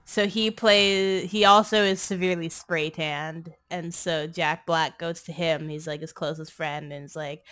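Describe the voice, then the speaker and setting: A woman's voice: sits low, steady tone, measured pace, hardly any pauses, a bit bright. A woman casually recapping a movie on a comedy podcast, rambling and sarcastic, swearing often and saying "like" constantly. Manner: rambling, sarcastic, crude, heavy use of "like". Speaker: podcast co-host.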